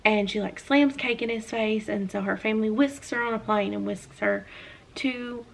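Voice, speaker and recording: A woman's voice: a little high, normal speed, vocal fry. A young woman with a Southern US accent, chatting casually about books she has read, with lots of fillers. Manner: chatty, animated hand talker with many fillers. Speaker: book reviewer. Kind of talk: casual chat.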